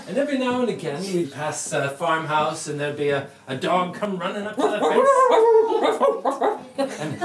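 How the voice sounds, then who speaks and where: A man's voice: a little high, big pitch swings, normal speed, echoey room, a crowd in the background, low-quality recording. A man with a Cornish accent, telling a rambling, chuckling story in a group chat. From Cornwall. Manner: rambling, chuckling anecdote teller.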